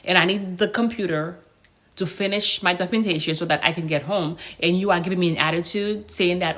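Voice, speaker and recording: A woman nurse tells her followers a workplace story in a casual vlog. Her voice sits a little low, and she talks with animated exasperation, firing off rhetorical questions. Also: moderate pace. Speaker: hospice nurse and vlogger.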